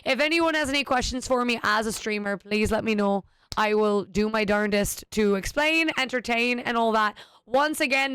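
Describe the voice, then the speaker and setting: A woman's voice: fairly high pitch, a bit bright, clean tone, no echo, studio quality. A woman streaming a game, chatting casually with self-deprecating jokes. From United States. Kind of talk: casual live-stream chat.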